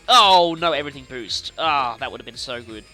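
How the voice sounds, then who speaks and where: A young man casually commenting on his video game play, chatty and playful with animated reactions. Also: medium pitch, a little fast. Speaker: let's play host. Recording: faint game music behind.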